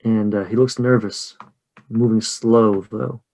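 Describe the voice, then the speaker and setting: A male game master narrates a horror tabletop game in a medium voice. His description is slow and measured, and he often lets it drop quiet. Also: lowish voice, steady tone, vocal fry.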